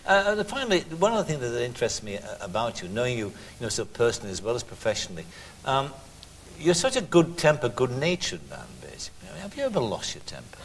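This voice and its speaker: A man's voice: mid-range voice, huge pitch swings, quick pace, slight background noise, poor audio. A man hosting a talk show, asking a guest friendly, personal questions.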